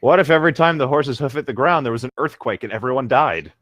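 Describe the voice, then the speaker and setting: A man's voice: medium pitch, expressive, fast talker, a bit bright, no echo. A man mocking fan fiction with friends, cracking jokes about the writing. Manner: mocking, jokey commentary. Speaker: podcast co-reader. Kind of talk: comedic reading of fan fiction.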